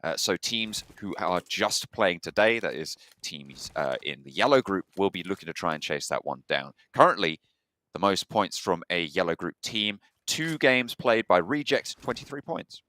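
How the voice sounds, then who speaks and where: Low-voiced bright man esports caster. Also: expressive, normal speed. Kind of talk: match commentary.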